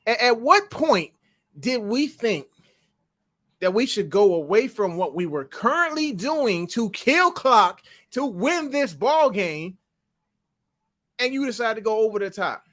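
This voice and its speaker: A man hosting a fan livestream, reacting emotionally to a live football game and swinging between loud outbursts and fast muttering. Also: high-pitched, big pitch swings.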